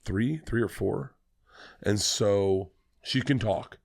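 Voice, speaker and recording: Low-voiced man telling a story. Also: slow pace, gravelly. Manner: animated, profane, fillers like "like". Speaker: comedian guest on a podcast. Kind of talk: casual storytelling.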